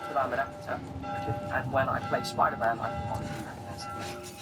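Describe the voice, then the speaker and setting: A man's voice: medium pitch, fast, over loud music. A young man from London with an English accent, an actor telling anecdotes in an interview. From London, England. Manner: animated, laughing storyteller.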